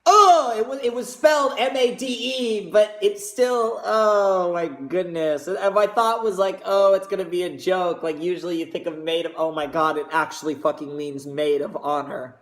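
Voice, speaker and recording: A man hosting a reaction video, gushing excitedly and swearing heavily in casual commentary. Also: high-pitched, moderate pace, few pauses. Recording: roomy echo.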